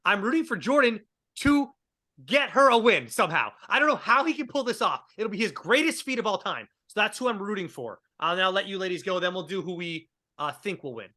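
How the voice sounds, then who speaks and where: Casual male host, bright edgy tone, stammery restarts. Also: sits high, sing-song, fairly quick. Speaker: podcast host. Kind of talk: casual chat.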